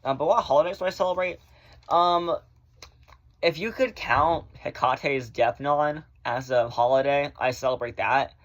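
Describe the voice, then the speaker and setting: A man chatting casually in a vlog, rambling through viewer questions and swearing freely, often in fast bursts. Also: on the high side, fairly bright tone, dull audio. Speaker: vlogger answering viewer questions. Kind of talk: casual chat.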